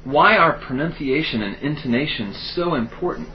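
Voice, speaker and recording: A man's voice: fairly high pitch, lively intonation, moderate pace, a little hiss or hum. A man speaking his lines in a scripted textbook dialogue, asking questions expressively. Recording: dull tape playback.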